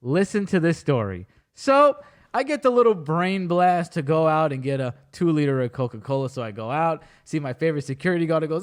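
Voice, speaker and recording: Man, high voice, podcast host, casual storytelling, animated impressions. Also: fairly quick. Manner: animated storyteller who acts out other people's lines.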